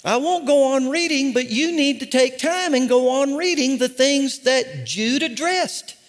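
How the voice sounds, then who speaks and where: High, animated older man preaching. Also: a little slow. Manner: impassioned, emphatic preaching with humorous asides. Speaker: pastor. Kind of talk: sermon. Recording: long reverb of a large hall.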